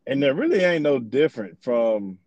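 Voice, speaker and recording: A man's voice: mid-range voice, very animated, normal speed, a little mellow, dry recording, muffled recording. Profane young man hosting a podcast. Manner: loose, profane, rambling storyteller. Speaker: podcast host. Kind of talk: casual profane podcast banter.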